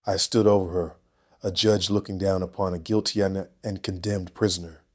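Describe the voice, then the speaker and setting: Measured older male storyteller. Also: low voice, flat delivery. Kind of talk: scripted first-person narration.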